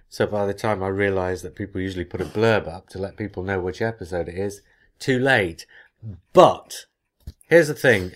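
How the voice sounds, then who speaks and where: A man hosting a podcast, chatting casually and reading listener mail with long, rambling explanations. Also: deep voice. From England. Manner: chatty, explains at length with many restarts. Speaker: podcast host.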